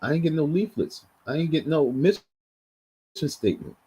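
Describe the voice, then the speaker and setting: A man's voice: a little high, animated, normal speed, warm tone, breathy edge, low-quality recording. A man giving heated, blunt live commentary, repeating himself as he reacts. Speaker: livestream commentator.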